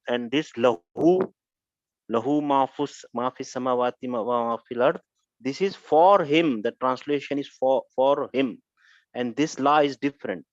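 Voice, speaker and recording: A man teaching a grammar lesson, repeating his points and checking with a quick "huh?" to see if his students follow. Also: medium pitch, dry recording. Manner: repetitive, keeps checking with "Huh?". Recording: dull lo-fi recording.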